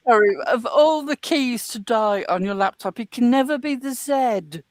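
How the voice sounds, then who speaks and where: A woman from the English Midlands with a slightly softened Midlands accent, chatting as a co-host in a dry, sarcastic, mock-indignant way. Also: on the high side, expressive, unhurried, dry recording. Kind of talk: casual podcast chat.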